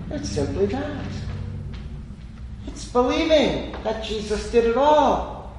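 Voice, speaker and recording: Male preacher, high register, deliberate emphatic sermon delivery, very echoey hall, faint hiss. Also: sing-song, a little mellow. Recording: echoey hall with long reverb.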